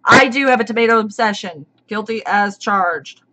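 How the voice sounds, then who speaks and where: A woman's voice: mid-range voice, normal speed, bright, forceful tone. A woman hosting a casual live stream, chatting and reading out viewers' names as they come in. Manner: chatty, greets viewers by name.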